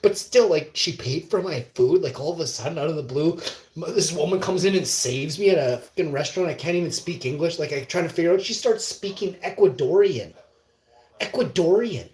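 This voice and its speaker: A man's voice: on the high side, lively intonation, brisk, darkish tone. A man livestreaming a long, meandering monologue of stories, swearing and trailing off mid-sentence. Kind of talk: rambling anecdotal monologue. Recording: roomy echo.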